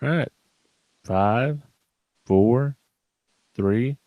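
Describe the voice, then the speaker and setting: A man's voice: on the low side, normal speed, no room sound. A man hosting a live-streamed car audio show, laid-back and joking as he opens the episode. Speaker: podcast host. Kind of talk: live-streamed casual talk.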